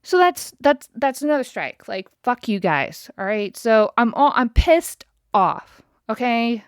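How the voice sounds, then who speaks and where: A woman's voice: a little high, very animated, a little slow, clean tone, dry recording, studio quality. A woman in her thirties hosting a podcast, telling a story in a casual, profane, exasperated rant. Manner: profane, exasperated, talks straight to listeners. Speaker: podcast host.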